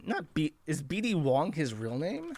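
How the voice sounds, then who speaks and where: A man's voice: on the high side, huge pitch swings, measured pace, darkish tone, no room sound. A man hosting a podcast, talking in a crude, sarcastic, rambling way as he comments on posts. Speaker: podcast host. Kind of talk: casual commentary.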